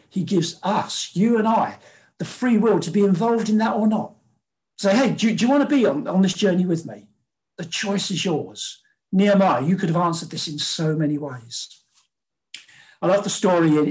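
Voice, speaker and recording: A man preaching a sermon in a conversational way, with fillers and acted-out quotes. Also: a little high.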